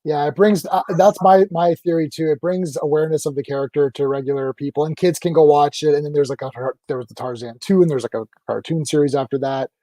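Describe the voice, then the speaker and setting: A man's voice: on the high side, steady tone, fast talker, few pauses, dark tone, no room sound. A man hosting an interview, chatting casually, enthusiastic and rambling, with lots of fillers. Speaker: host.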